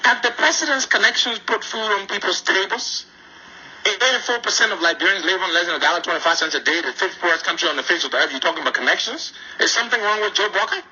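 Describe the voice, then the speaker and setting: A male political commentator reacting to an interview, incredulous and sarcastic, arguing fast. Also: sits high, pushed and bright, slightly rough. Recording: muffled lo-fi audio.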